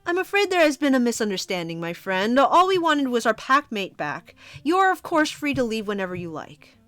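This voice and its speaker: A woman doing a calm, courteous pack leader. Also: a little high, no room sound. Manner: smooth, measured, courteous. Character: calm, polite male wolf-pack leader.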